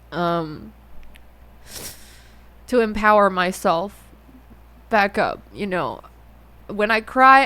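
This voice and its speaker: A young adult woman talking through her feelings in a personal monologue, halting and often rephrasing herself. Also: a little high, a bit bright. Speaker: musician and host.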